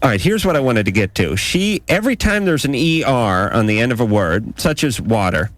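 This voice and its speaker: A man's voice: mid-range voice, very animated, fairly quick, fairly bright tone, no room sound. An American man hosting a late-night call-in radio show, joking and ranting in mock outrage. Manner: wisecracking, mock-indignant rants.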